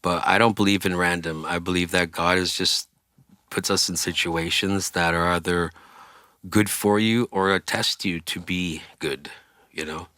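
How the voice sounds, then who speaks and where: Man, singer guest, casual storytelling, lowish voice, bright forceful tone, dry close sound. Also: measured pace, dry recording. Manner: animated, acts out quoted voices, swears freely.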